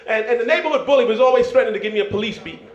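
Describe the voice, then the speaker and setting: A man's voice: extremely high pitch, rapid-fire. A Jamaican-born man doing a stand-up set on a club stage, loose and chatty, peppering lines with "man" and "you know". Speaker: stand-up comedian. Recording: roomy dull club recording.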